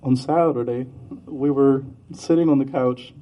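A man giving a heartfelt memorial speech, halting, with fillers and soft laughs. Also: mid-range voice, steady tone. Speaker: memorial speaker, boyfriend. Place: Iowa.

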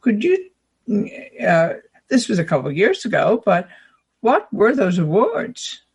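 A woman guest on a community radio show who speaks slowly and with some hesitation. Her voice is high and slightly husky. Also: wildly swooping pitch, darkish tone.

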